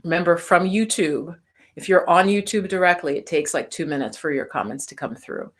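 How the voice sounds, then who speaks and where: A woman meditation teacher hosts a casual live-stream Q&A. Her voice sits a little low, and she rambles through homely examples while answering the chat. Now and then she slips down to a near-whisper. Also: a little fast. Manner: chatty, explains with homely analogies, talks to the chat.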